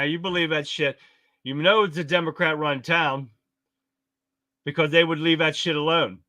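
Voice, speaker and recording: A man's voice: a little high, bright, forceful tone, clear, resonant tone, dry recording. Blunt, fired-up American man ranting. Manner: blunt, swearing, reads chat comments aloud. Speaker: livestream host. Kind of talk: casual political commentary livestream.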